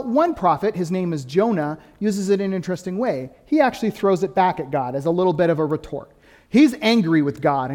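A pastor preaching a sermon, lively and conversational, swinging between quick, louder stretches and soft, dropped emphasis. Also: male voice, high voice, big-room sound. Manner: animated preaching, rising and dropping to quiet emphasis.

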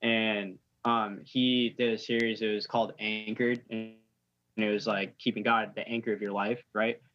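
A man's voice: lowish voice, flat delivery, normal speed, a bit bright, highs cut off. A man in a casual faith discussion, speaking in a matter-of-fact way.

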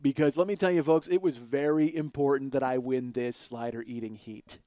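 A man hosting a podcast, telling a long comic story in a casual, animated and profane way, mocking himself. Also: mid-range voice, moderate pace, dry recording. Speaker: podcast host.

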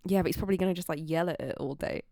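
A woman's voice: on the low side, rapid-fire, mellow, no echo, studio quality. A woman co-hosting a casual podcast, chatty and laughing, with plenty of filler words. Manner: chatty, laughing, uses lots of 'like'. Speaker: podcast co-host.

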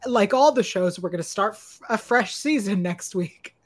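A woman's voice: mid-range voice, animated. A woman co-hosting a podcast in casual, hedging chat. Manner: chatty, hedging, with filler pauses. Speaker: podcast co-host.

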